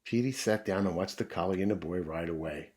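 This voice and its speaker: Husky-voiced man reading to kids. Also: deep voice, a little fast, a little mellow. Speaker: children's book reader. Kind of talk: reading a picture book aloud to children.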